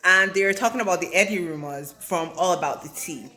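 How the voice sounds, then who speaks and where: A woman's voice: fairly low pitch, brisk, bright, forceful tone. A woman recapping a reality TV reunion in a casual, gossipy vlog, with chatty asides. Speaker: reality TV commentator.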